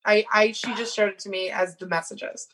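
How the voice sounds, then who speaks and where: Co-hosting a casual talk, a thirty-something woman giggles through a story about some messages, reading them aloud and leaning on fillers amid frequent laughter. Her voice is medium-pitched, steady in tone, fairly quick and a bit bright, heard over poor audio.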